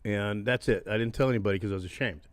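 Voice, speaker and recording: A man's voice: fairly low pitch, very fast, dry recording. Swearing man in his sixties telling stories. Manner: profane, laughs through his stories. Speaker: podcast guest. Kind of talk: casual storytelling. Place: haunted attraction venue.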